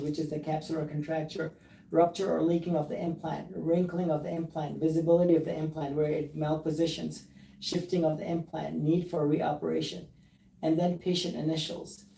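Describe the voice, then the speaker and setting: A man's voice: on the high side, vocal fry, warm tone, reverberant, far from the mic, low-quality recording. A man who is a plastic surgeon, speaking earnestly and emphatically and reading documents aloud during a recorded live discussion.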